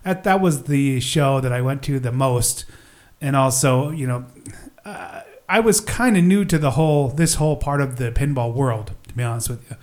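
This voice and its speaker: A man's voice: medium pitch, normal speed, darkish tone. A middle-aged man hosting a solo podcast, talking casually in a rambling, self-deprecating way with lots of fillers. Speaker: podcast host.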